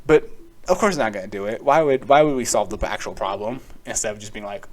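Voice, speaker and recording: Young American male podcast host, lower voice, loose profane sarcastic rant. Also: quick pace, a little mellow. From United States. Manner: profane, rambling, sarcastic, laughs often.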